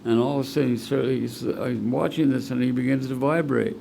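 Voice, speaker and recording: A man's voice: mid-range voice, steady tone, a little fast, creaky, hardly any pauses, warm tone, slight background noise. A man speaking as the guest speaker at a recovery meeting, telling a rambling, heartfelt personal story and choking up with emotion. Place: meeting room at a school.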